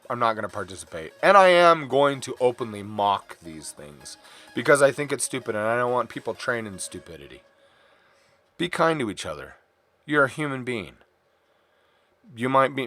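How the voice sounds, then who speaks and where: A man's voice: medium pitch, a bit bright. A middle-aged man chatting casually and candidly while drawing on stream, rambling from topic to topic and apologizing for his swearing.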